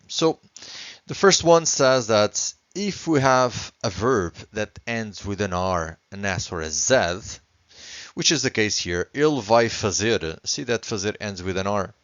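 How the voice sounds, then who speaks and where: A man's voice: fairly low pitch, animated, moderate pace, fairly bright tone, dry recording, muffled recording. A man teaching a language lesson, explaining grammar rules step by step in a patient way that repeats points and checks in often with the learners.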